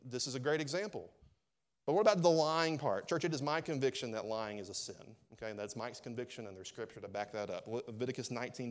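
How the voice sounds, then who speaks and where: A man's voice: medium pitch, brisk. Joking man preaching with rhetorical questions. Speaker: pastor. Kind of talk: sermon.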